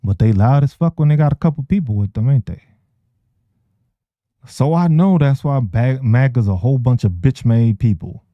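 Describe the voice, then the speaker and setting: A man's voice: medium pitch, no echo, dull audio. A man hosting a podcast, ranting casually with heavy profanity and frequent laughter. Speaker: podcast host.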